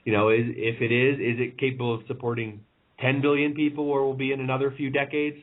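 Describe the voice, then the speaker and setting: A man who is a guest on a podcast, thinking aloud in a halting, musing way with many restarts. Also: medium pitch, level tone. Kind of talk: casual conversation. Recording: tinny phone-line call.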